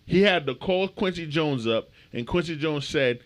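Man, podcast co-host, animated, profane, casual chat. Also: on the high side, normal speed, few pauses. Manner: animated storyteller, swears freely.

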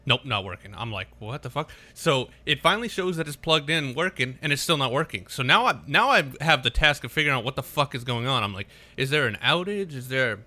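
A man co-hosting a casual podcast. His voice is very bright and sharp, his pitch sits in a middle range, and he tells his story with exasperated swearing. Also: very animated, fast talker, hardly any pauses. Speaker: podcast co-host. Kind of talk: casual chat.

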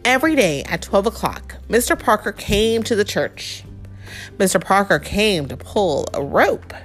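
A woman reading a picture book aloud to a child in a playful, expressive storytelling voice. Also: medium pitch, unhurried, faint music behind. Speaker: reader.

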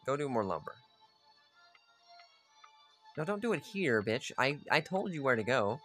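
A man's voice: mid-range voice, sing-song, measured pace, a bit bright, soft background music. A man giving casual, profane gameplay commentary, chatting aloud and ordering his units around as he plays. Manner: chatty, swears freely, talks to his units. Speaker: gamer playing a strategy game.

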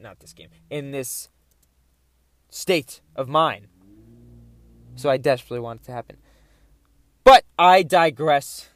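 A young man hosting a podcast, telling a story in a rambling, animated, self-interrupting way. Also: a little high, no room sound, clean studio sound. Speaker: podcast host. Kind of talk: casual solo storytelling.

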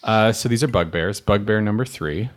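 A man with a lowish voice narrates a tabletop role-playing game as game master. He talks casually, stopping and restarting with plenty of fillers as he calls out rolls and describes hits. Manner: casual, halting, many fillers.

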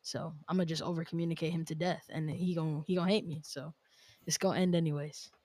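A woman's voice: low voice, fairly even intonation, a little fast, warm tone. A woman hosting a podcast, chatting casually and animatedly, laughing often as she talks. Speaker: podcast host.

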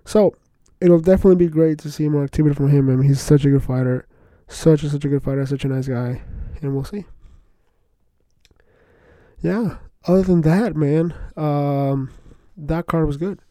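Chatty young man with a dark voice. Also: fairly high pitch, moderate pace, dry recording. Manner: excited rambling slangy chatter, lots of "bro" and "like". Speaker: podcast host. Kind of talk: casual solo podcast talk.

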